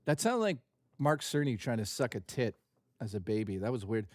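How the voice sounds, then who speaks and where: A man hosting a live reaction stream, joking loudly, swearing and rambling crudely at a desk mic. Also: medium pitch, big pitch swings, normal speed, no echo.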